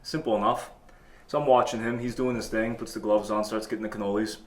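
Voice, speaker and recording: A man hosting a comedy talk show, telling a boastful tall tale in a deadpan way. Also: fairly low pitch, fast talker. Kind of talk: comedic storytelling. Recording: echoey room.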